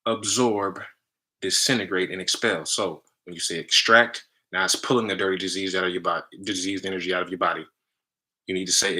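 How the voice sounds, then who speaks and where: A man with a very low voice teaches on a casual live stream. His delivery is forceful and punchy, with a tense edge. He speaks in loose fragments and keeps checking in with "right?". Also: low-quality recording. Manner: talks in loose fragments, tags lines with "right?"; energetic, emphatic. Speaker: spiritual healer hosting a live stream.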